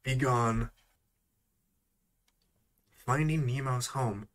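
A man's voice: mid-range voice, a bit bright, faint music behind. Casual male vlogger, mid-range voice, sighs and frustrated self-mockery. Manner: exasperated, sighing, drawn-out repeated attempts at words. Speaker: YouTuber. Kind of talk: casual vlog chat.

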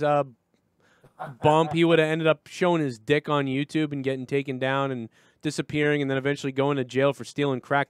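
Brief: swearing New host, slightly high voice, dry close sound. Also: male voice, smooth, dry recording. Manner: profane, rambling storytelling. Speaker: live show host. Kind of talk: casual chat.

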